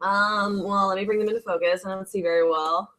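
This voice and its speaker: A woman's voice: mid-range voice, fairly even intonation, fairly bright tone. A woman co-hosting a live stream in easy, casual chat. She teases her co-host and laughs readily. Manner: teasing, quick to laugh.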